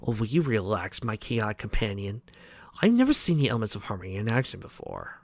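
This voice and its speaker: A man's voice: on the low side, very animated, fairly quick, a little mellow, dry recording, studio quality. A man voicing a smug, scheming male mad scientist in a storybook reading.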